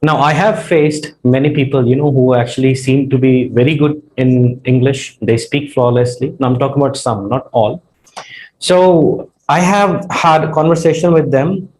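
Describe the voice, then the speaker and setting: A man's voice: mid-range voice, fairly even intonation, normal speed, a little mellow, rough recording. A man with a partly Australian accent, giving a spoken English lesson as a tutor in an earnest, conversational way, with frequent "you know" fillers.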